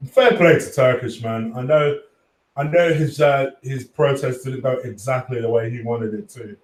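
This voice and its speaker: A man's voice: medium pitch, moderate pace, far from the mic. Man, casual live stream host, swearing, chatty, echoey room, a bit off-mic. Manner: swearing, chatty, shouting out viewers. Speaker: fan channel host reading live chat.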